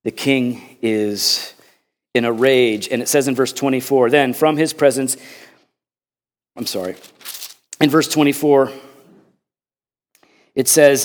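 A man preaching a sermon as pastor, swinging from loud emphasis to hushed tones and repeating words when he presses a point. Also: medium pitch, steady tone, takes it slowly, long pauses.

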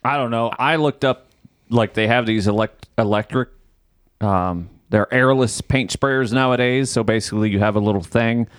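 A man's voice: medium pitch, moderate pace, clear, resonant tone, no room sound, clean studio sound. A man hosting a podcast, telling a story in casual chat, swearing freely and acting out his own exasperation. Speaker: podcast host.

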